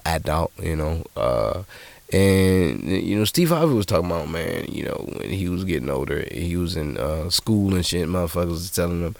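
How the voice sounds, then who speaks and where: A man's voice: sits low, expressive, brisk, creaky. A man hosting a podcast, telling stories in a rambling, profane, casual monologue full of restarts. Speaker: podcast host. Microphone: podcast microphone.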